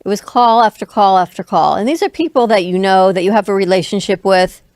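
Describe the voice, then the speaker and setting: Woman, co-host, measured, asks questions, dry sound. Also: medium pitch, darkish tone, dry recording. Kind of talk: casual chat.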